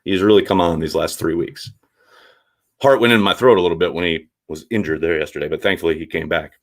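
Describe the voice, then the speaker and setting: A man hosting a casual live stream, reading viewer chat and giving blunt, animated takes with the odd swear. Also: deep voice, fast talker. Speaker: sports show host reading viewer chat.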